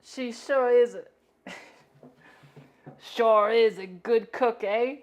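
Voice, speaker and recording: Woman doing an over-the-top mock British home-cooking fan, loud, slow, drawn-out vowels, pitched a bit high. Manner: exaggerated fake British accent, loud and drawn out. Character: mock British person gushing about a good home cook.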